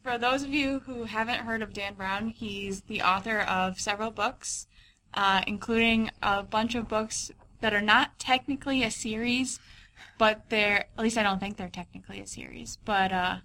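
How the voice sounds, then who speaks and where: A woman's voice: medium pitch, normal speed, sharp tone. A young woman co-hosting a book podcast, explaining an author's books in a rambling, casual way. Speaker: podcast co-host. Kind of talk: casual chat.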